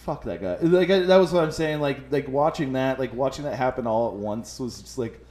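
A man on a podcast in casual chat, telling an animated, profane story full of quoted voices. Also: medium pitch, brisk. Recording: echoey room.

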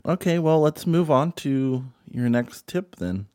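A man hosting a comedy show, playing a patient straight man who calmly questions and corrects his guest. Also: mid-range voice, measured pace, no echo, studio quality. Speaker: host. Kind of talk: comedy podcast chat.

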